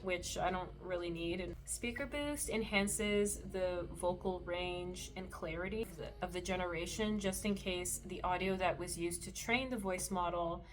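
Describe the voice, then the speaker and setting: Woman walking through a software tutorial. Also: lowish voice, normal speed, few pauses, soft background music. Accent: Canadian. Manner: relaxed, explanatory, occasional soft laughs. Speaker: meditation creator and tutorial host. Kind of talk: screen tutorial.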